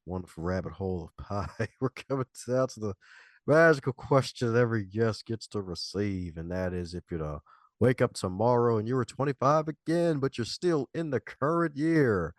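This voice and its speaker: A man's voice: lowish voice, lively intonation, moderate pace, no room sound, clean studio sound. A man hosting a podcast interview in a casual, playful way, laughing often and repeating his catchphrase. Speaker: podcast host.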